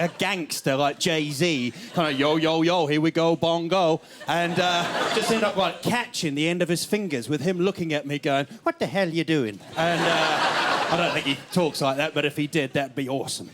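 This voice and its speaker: A man's voice: a little high, a bit bright. A man from New Zealand with his accent, doing rambling stand-up with laughs and silly voices. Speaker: stand-up comedian. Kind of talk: stand-up comedy. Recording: noisy stage recording.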